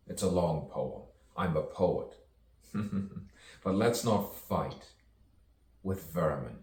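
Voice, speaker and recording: Recorded from a distance in an echoey room with faint ambience, a male poet speaks at an extremely low pitch with a darkish tone. Slight background noise is present as he improvises rhymes in a rambling stream of consciousness, chuckling between lines.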